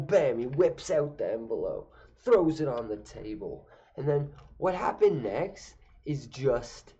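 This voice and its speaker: A man's voice: mid-range voice, darkish tone. A young man telling a funny personal story casually, rambling and cursing. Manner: rambling, profane, lots of fillers and restarts. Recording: dull lo-fi recording.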